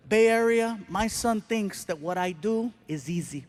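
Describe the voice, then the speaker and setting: Stand-up comic, man, Mexican American accent, fairly high voice, animated storyteller, on stage at a handheld mic. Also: unhurried, few pauses, soft background music. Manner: animated, acts out dialogue with voices. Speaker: stand-up comedian. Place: comedy stage before live audience.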